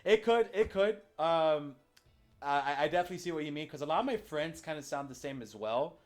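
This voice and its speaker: Rambling young American podcast host. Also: male voice, on the high side, quick pace. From United States. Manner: rambling, many fillers and restarts. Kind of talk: casual chat.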